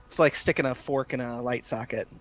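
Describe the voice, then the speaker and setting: A man's voice: mid-range voice, fairly even intonation, fairly quick, highs cut off, faint music behind. A man playing a tabletop game, chatting casually with dry joking asides. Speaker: player.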